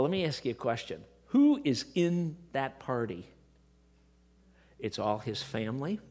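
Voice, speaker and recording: A middle-aged man preaching a sermon, moving between quiet, hushed passages and emotional, impassioned outbursts. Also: a little high.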